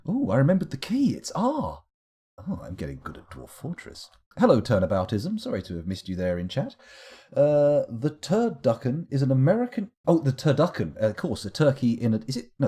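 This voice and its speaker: A man's voice: mid-range voice, wildly swooping pitch, brisk, mellow, slightly rough. A young man streaming a game live, rambling through wry, self-correcting musings as he plays.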